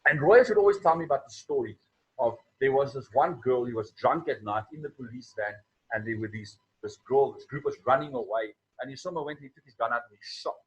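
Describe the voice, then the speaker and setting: Husky South African man preaching. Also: mid-range voice, fast, poor audio. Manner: animated, conversational storytelling. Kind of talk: storytelling sermon to young people.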